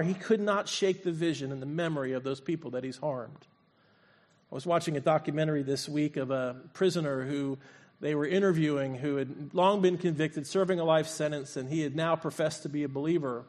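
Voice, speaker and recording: A male pastor preaching a sermon, retelling a scripture story and acting out its voices. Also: fairly high pitch. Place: church sanctuary.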